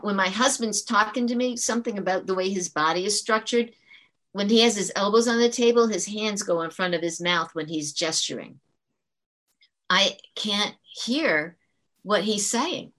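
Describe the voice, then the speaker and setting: This woman, a teacher, speaks in a bright, forceful mid-range voice. Telling stories earnestly in a conversational interview, she explains her points and frequently restarts.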